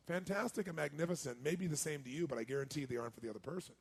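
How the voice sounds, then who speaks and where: A man giving a live seminar talk as a motivational speaker, energetic and quizzing his audience. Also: on the high side, quick pace, hardly any pauses. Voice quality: raspy, gravelly.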